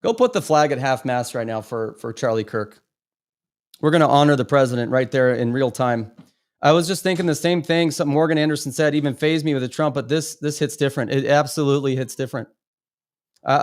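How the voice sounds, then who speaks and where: A man with a mid-range voice hosts a live stream, speaking fairly quickly. His commentary is impassioned and emphatic, full of stammered repetitions.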